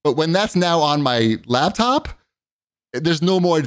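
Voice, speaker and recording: A man's voice: a little high, expressive, a little slow, smooth, no room sound, clean studio sound. A man chatting casually as a co-host, telling rambling, profane stories full of fillers. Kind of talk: casual chat.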